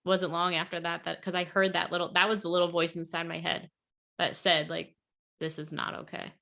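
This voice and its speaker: A woman with a slightly low voice talks in a relaxed podcast chat, earnest and full of "like" fillers. She is a coach speaking over a video call. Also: a little fast, gravelly. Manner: chatty, lots of "like", earnest. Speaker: podcast guest, weight loss coach. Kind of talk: casual podcast conversation.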